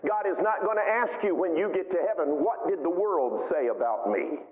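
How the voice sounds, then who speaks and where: A man delivers a sermon from the pulpit, his fairly high voice swinging up and down with lively, emphatic rises. The sound rings with a long, echoey reverb, as if caught in a large church hall. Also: moderate pace. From United States. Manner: preaching with sweeping pitch and emphatic rises. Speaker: pastor.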